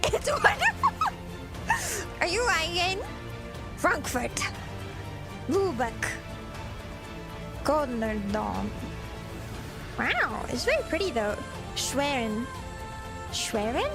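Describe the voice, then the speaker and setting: A giggly woman streamer with a high, bouncing voice reacts casually, taking her time as she sounds out unfamiliar words. Music plays clearly beneath her talk. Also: wildly swooping pitch, slow pace, pauses often. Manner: giggly, sounding out place names. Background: background music.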